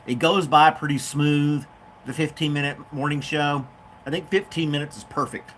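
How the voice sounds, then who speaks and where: A man hosting his own show, chatting loosely and making it up as he goes. His voice sits a bit high for a man. A faint noise floor hangs behind him. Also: fairly even intonation, normal speed, fairly bright tone. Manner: rambling, off-the-cuff, talks to his dog. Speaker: podcast host. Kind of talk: casual chat.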